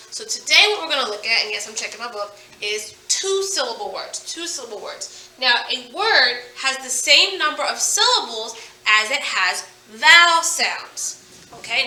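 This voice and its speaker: A woman teaching a phonics lesson to children, sounding out words slowly and with emphasis. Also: on the high side, animated, bright, forceful tone, recorded from a distance. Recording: echoey room, voice from off-mic.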